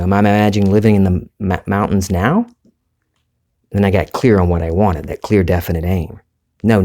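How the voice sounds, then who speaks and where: Low-voiced Southern US man musing. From Southern United States. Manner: relaxed, conversational, rambling with self-corrections. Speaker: podcast host. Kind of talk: reflective solo podcast monologue.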